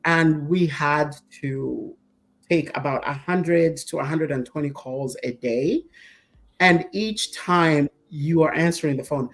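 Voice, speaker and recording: A woman co-hosting a casual talk show, telling stories with lively quoted voices and frequent laughs. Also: sits low, slow pace. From Zambia. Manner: animated storyteller, acts out quoted voices, laughs often. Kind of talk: casual chat.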